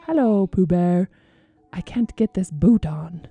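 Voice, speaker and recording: A woman's voice: on the low side, takes it slowly, mellow, breathy edge, no room sound. Christopher Robin, a woman doing a breezy bossy boy. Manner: breezy, know-it-all. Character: confident young boy, a bit bossy.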